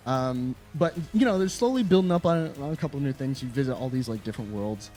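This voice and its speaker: Male co-host reviewing games, mid-pitched, relaxed and profane, rambles through his points. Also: fast talker, faint music behind. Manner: rambling, loose and profane, laughs often. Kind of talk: casual chat.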